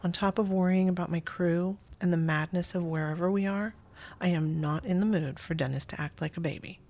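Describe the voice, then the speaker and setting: A woman reads a first-person interactive story aloud, her voice soft and often dropping to a near whisper. She breaks off now and then for casual asides of her own. Her pitch sits a little low. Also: steady tone, fairly quick. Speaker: host reading an interactive story.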